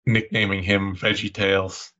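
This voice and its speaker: A man's voice: low-pitched, flat delivery, normal speed, sharp tone, highs cut off. A man co-hosting a sports podcast, talking casually and joking, laughing often. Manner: chatty, jokey, laughs often. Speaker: podcast co-host.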